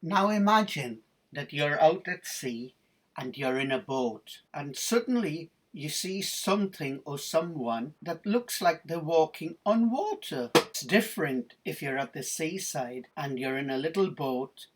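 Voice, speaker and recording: A middle-aged man telling a Bible story to children, animated and asking them questions directly. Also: on the high side, a little slow, poor audio.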